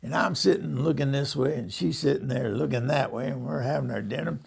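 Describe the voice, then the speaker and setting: A man's voice: medium pitch, brisk, a little mellow. An older man, host of the show, telling rambling stories in casual talk, often laughing and acting out what others said. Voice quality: gravelly. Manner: rambling, laughs often, acts out quoted voices. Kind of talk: casual storytelling monologue.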